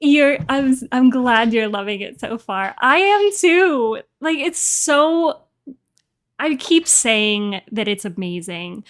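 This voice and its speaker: A woman streamer chatting casually into a desk microphone, excited and rambling. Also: fairly high pitch, takes it slowly. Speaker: streamer reacting to her audio drama. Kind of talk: casual livestream chat.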